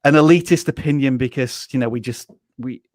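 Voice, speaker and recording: A man's voice: mid-range voice, a little fast, dry recording, clean studio sound. A man from Yorkshire with a Yorkshire English accent, co-hosting a live Q&A chat in a frank, opinionated way. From Yorkshire, England. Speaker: co-host.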